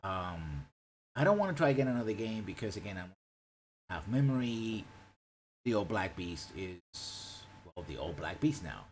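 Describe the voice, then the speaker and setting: A man's voice: low-pitched, very animated, normal speed, slight background noise, poor audio. A man from Puerto Rico chatting casually on a live stream, rambling and swearing freely. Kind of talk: casual chat.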